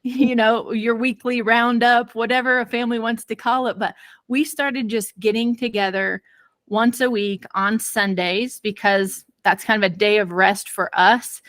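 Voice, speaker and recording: A woman parenting expert telling a personal story in an interview, lively and acting out quoted voices. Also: a little high, unhurried, dry recording. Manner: many fillers and restarts.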